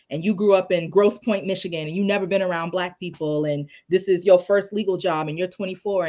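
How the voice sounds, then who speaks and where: Animated woman attorney telling stories. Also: lowish voice, highs cut off. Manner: animated, conversational, many fillers. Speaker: criminal law attorney, guest. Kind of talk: casual storytelling in a live discussion.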